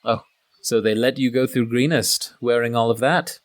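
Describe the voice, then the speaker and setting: A man's voice: mid-range voice, fairly even intonation, moderate pace, natural voice. A man voicing a scornful, impatient male tiefling cultist who talks down to others. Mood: suspicious. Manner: sneering, condescending.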